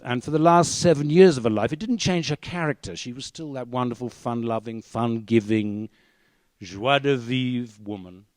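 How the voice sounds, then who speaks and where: Guy telling a funny story, dry wry humor, no room echo. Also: mid-range voice. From England. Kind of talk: live storytelling performance.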